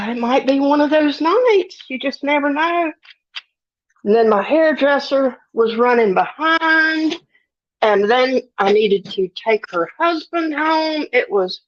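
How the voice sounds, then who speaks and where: Woman, unhurried drawl, folksy and giggly, a little sniffly, dull lo-fi stream sound. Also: high voice, expressive. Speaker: livestream host. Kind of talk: casual live chat reading comments.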